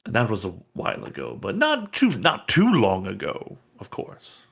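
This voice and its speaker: A man's voice: on the low side, wildly swooping pitch, normal speed, gravelly, a bit bright, exaggerated voice. A man doing a rambling, evasive former apprentice. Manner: hesitant, full of "I mean".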